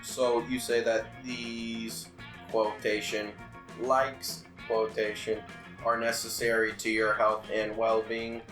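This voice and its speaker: A curious, pedantic computer that weighs each word slowly and formally, as a man voices it. The voice rings in an echoey room over loud guitar music. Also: fairly low pitch, completely flat delivery. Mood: puzzled. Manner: slow, formal, overly literal.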